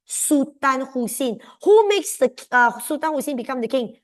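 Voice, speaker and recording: Malaysian woman tutor, high voice, animated and chatty, keeps quizzing the class. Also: normal speed. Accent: Malaysian English. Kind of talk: exam revision lesson.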